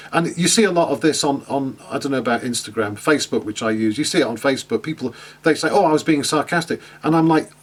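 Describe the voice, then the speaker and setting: A man's voice: medium pitch, breathy edge. A man teaching an online class in a chatty way, with many fillers and restarts, asking his students questions. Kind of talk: online lecture.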